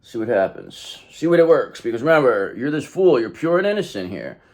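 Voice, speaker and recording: A man's voice: medium pitch, sing-song, fairly quick, a little mellow. A man hosting a casual tarot reading, rambling and repeating himself as he talks effusively to his viewers. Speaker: tarot reader and channel host.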